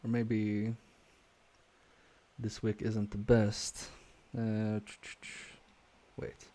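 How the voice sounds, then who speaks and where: Male repair streamer, unhurried, mellow tone, hesitant think-aloud delivery. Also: fairly low pitch, completely flat delivery. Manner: hesitant, self-questioning, trails off with many fillers; quietly focused, mutters while working. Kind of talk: live-stream thinking aloud while soldering.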